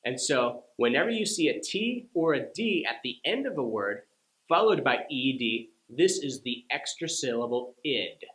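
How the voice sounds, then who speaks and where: A man teaching English pronunciation, speaking slowly and deliberately and carefully sounding out example words for learners. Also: mid-range voice, lively intonation, a bit bright. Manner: slow, deliberate, over-articulated demonstrations. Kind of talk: scripted lesson to camera. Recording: roomy echo.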